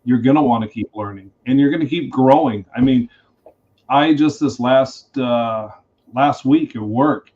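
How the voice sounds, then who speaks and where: A man who is a guest on a casual podcast, a reptile breeder speaking in a blunt, animated way. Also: mid-range voice, measured pace. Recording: slightly dull lo-fi sound.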